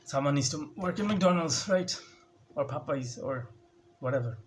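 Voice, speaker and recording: A man's voice: on the high side, lively intonation, moderate pace, a little hiss or hum. A young man ranting sarcastically at home into a phone, mimicking others with a raised voice. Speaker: vlogger. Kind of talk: casual ranting monologue. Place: home, indoors.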